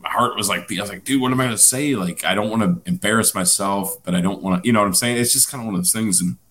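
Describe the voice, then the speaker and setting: A man's voice: lowish voice, fairly even intonation, fast, fairly bright tone. A man co-hosting a podcast, telling a rambling story full of fillers and swearing in casual chat. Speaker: podcast co-host.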